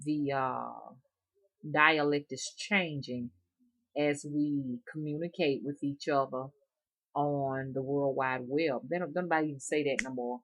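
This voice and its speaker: A woman's voice: very deep voice, steady tone, a little slow, a bit bright. A middle-aged woman with an Alabama Southern accent, chatting casually to her viewers in a rambling, folksy way. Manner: rambling, folksy, chuckling often. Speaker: rootworker vlogger.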